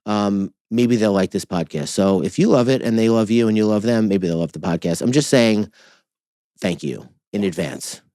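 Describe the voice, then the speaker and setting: A man's voice: lowish voice, normal speed, warm tone, dry recording. A man co-hosting a podcast, chatting casually, teasing his co-host and rambling through the intro with restarts. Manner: teasing, rambling, self-interrupting.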